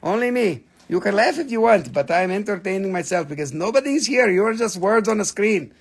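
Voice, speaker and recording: Brief: excitable male host selling crystals live on a phone, husky high voice, casual cursing. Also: brisk. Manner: excitable, chatty, swears casually, laughs often. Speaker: crystal seller hosting a live sale. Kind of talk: live-stream sales chat.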